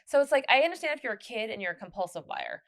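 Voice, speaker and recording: A woman hosting a casual podcast conversation, talking in rambling, animated bursts with frequent restarts and laughter. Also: on the high side, very fast, creaky. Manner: rambling, many restarts and fillers. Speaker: podcast host.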